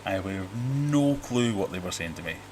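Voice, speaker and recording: A middle-aged British man with a lowish voice hosts a casual livestream from his home fish room. He rambles and restarts his sentences, cracks dry jokes and reads viewer comments aloud. A faint hiss of noise sits behind him. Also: expressive, moderate pace, darkish tone. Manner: rambling, jokey, self-interrupting. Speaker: livestream host. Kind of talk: casual live-stream chat reading viewer comments.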